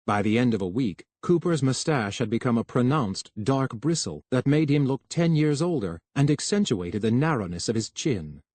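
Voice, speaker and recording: A man reading a novel aloud in measured, scripted narration. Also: medium pitch, animated, darkish tone, dry recording. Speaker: audiobook narrator.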